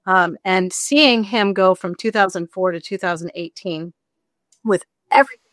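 A woman's voice: medium pitch, moderate pace, dry recording, studio quality. A woman author being interviewed, telling a personal story in casual chat and acting out the people she quotes. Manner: animated, acts out quoted voices, rambling.

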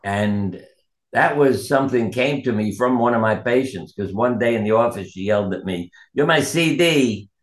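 Male doctor guest, low voice, earnest storyteller, roomy echo. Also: moderate pace. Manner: earnest, anecdotal, quotes people in his stories. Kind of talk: reflective interview storytelling.

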